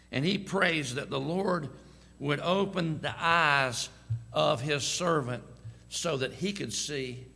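A man preaching a sermon as pastor, telling stories with slow, emphatic, drawn-out phrasing. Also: medium pitch, vocal fry, sharp tone, husky. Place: church sanctuary. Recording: long church hall reverb.

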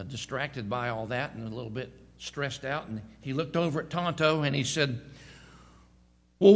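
Gravelly preacher in a reverberant church. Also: male voice, medium pitch, a bit bright. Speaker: pastor. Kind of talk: sermon. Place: church sanctuary. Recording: long church hall reverb.

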